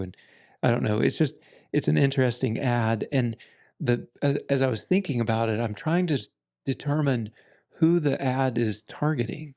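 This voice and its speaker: A man co-hosting a podcast, explaining things in a measured, casual way. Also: medium pitch, darkish tone. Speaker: podcast co-host. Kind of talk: casual conversation.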